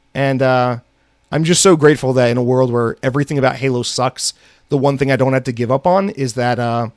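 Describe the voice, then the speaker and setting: Speaking in a mid-range voice, this American man vents furiously on his solo podcast, cursing heavily, and afterward reads the news. The sound is studio quality with no echo.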